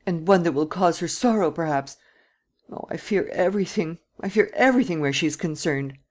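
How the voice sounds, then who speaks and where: A woman reads this as an elderly guardian in an audiobook, her voice pitched high and trembling. She pleads and protests, at times dropping to a breathy whisper, fiercely protective. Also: expressive, brisk, darkish tone. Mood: pleading. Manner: pleading, tremulous, sometimes whispered. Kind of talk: audiobook character reading.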